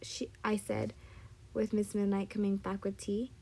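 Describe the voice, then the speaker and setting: A woman's voice: medium pitch, flat delivery, unhurried, vocal fry, a little mellow, husky. A woman casually reading a fan story aloud, stumbling and apologizing now and then. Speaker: story reader.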